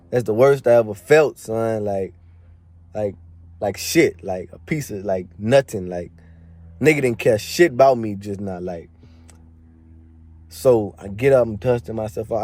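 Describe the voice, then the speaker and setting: Mellow low-voiced young man telling a story. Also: dry recording. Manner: slangy and profane, packed with "like" and "man" fillers. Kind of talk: casual spoken storytelling.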